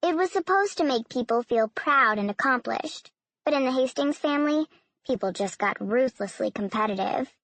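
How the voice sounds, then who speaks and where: A woman narrating an audiobook in an even, storytelling manner. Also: high voice, moderate pace, no room sound. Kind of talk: scripted narration.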